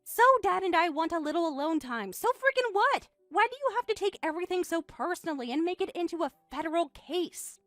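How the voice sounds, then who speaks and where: A woman's voice: very high-pitched, expressive, a little fast, few pauses, dry recording, soft background music. A synthetic female text-to-speech voice reading a bratty, dismissive teenage daughter in a text-message story.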